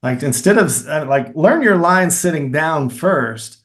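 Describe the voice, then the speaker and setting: A middle-aged man with a Kentucky accent, a filmmaker and acting teacher, explaining his methods in a lively, demonstrative way as an interview guest. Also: on the high side, a little slow. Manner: animated, explains with demonstrations and repeated phrases. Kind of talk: conversational interview.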